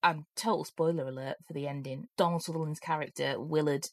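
A woman co-hosting a chat show, chatty and self-deprecating, with a low-pitched voice. The sound is dry and close to the mic, with no room around it. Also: fairly even intonation, fairly quick, a little mellow, no echo. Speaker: podcast co-host. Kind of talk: casual chat.

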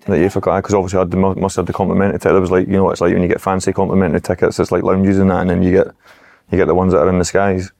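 Fast gravelly Scottish man telling stories. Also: low voice, monotone, darkish tone. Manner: rambling, anecdotal storytelling. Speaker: guest, former footballer. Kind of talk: casual podcast chat.

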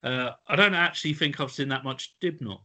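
A man's voice: medium pitch, a little fast, pushed and bright. A man hosting a podcast quiz in casual chat, playful and giggly, often tripping over his words. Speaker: podcast host running a quiz.

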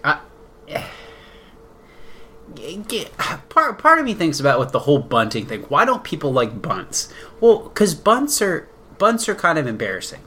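Man, co-host, casual chat, playful, lively pitch, argues with analogies. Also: normal speed. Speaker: podcast co-host.

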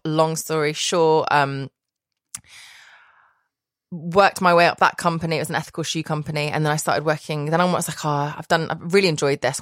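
A woman's voice: deep voice, fairly bright tone, dry recording, clean studio sound. A woman guest telling a long rambling story in casual chat, laughing often and correcting herself. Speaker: podcast guest, private chef.

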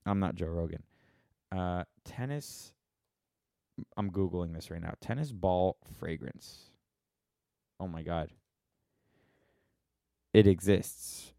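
A man's voice: low voice, slow pace, vocal fry, long pauses, mellow, no echo, clean studio sound. An American man hosting a casual solo podcast, rambling and wry as he stops and restarts his thoughts while answering listener questions. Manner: rambling, self-interrupting, wry.

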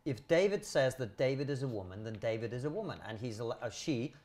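A male podcast guest with a mid-pitched voice. He speaks firmly and keeps pulling the conversation back to his main point. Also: lively intonation, brisk, darkish tone. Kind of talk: conversational argument.

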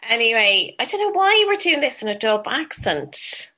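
A woman's voice: on the high side, sing-song, normal speed, bright, forceful tone, slight background noise. An Irish woman co-hosting a podcast, wry and reflective in casual chat. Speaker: podcast co-host.

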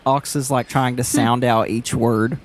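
A man's voice: mid-range voice, little pitch movement, measured pace. A man playing a tabletop game, joking and laughing, on a noisy recording. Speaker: player. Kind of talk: casual tabletop play.

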